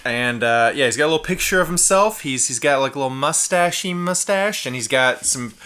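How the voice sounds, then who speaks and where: A man co-hosting a comedy podcast, his voice bright and lively. He reads aloud in a casual, sarcastic way and drops in wry comments. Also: mid-range voice, normal speed, smooth. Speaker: podcast co-host.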